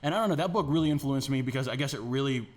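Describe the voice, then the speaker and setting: A man's voice: mid-range voice, very fast. A man in his thirties, a podcast guest in casual chat, easygoing and reflective. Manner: easygoing, reflective, many fillers.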